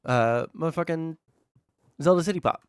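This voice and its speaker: A man's voice: a little high, moderate pace, smooth, soft background music. A young man live-streaming casual chat while gaming, swearing constantly and ranting heatedly with self-mocking asides.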